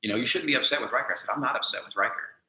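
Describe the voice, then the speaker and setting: A man with a bright, forceful voice tells his story earnestly and critically, sometimes dropping low and sometimes rising with emphasis. The sound is echoey, as in a bare room, and his pitch sits in the middle range. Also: very fast, gravelly. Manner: earnest, self-critical, swings from quiet to emphatic. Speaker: vlogger. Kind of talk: confessional monologue.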